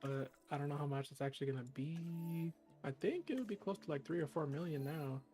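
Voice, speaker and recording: A mid-pitched co-host chatting casually on a game stream, rambling along through many "like"s and "um"s and swearing offhandedly. Faint music sits behind the voice. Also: a little fast, dark tone. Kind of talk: casual chat.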